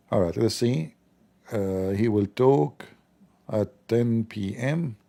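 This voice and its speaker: A man's voice: fairly low pitch, extremely slow, creaky, warm tone. A man hosting a live stream, joking sarcastically with mock outrage as he comments on the news.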